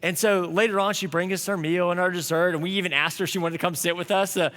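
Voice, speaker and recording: A man's voice: sits high, fairly even intonation, fast, a bit bright, in a large hall. A young man preaching a sermon, telling a story in an earnest, conversational way. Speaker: pastor.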